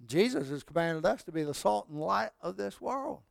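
Male pastor mid-sermon; folksy delivery, bright high-set voice, dry close sound. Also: lively intonation, normal speed, gravelly, dry recording. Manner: folksy, swells loud then drops to near whispers.

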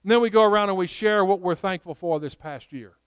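A man preaching a sermon, telling stories in an earnest way and slowing down to stress key points. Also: high-pitched, smooth, no echo. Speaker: pastor.

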